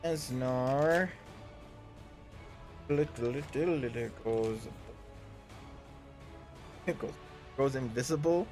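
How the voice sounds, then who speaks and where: A man narrating a live tabletop game as game master, halting often with ums and restarts. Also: mid-range voice, a little mellow, soft background music.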